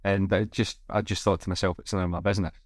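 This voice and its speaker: A man co-hosting a podcast, telling a wry story in a relaxed, casual way. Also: deep voice, fast, no echo, studio quality. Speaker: podcast co-host. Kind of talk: casual chat.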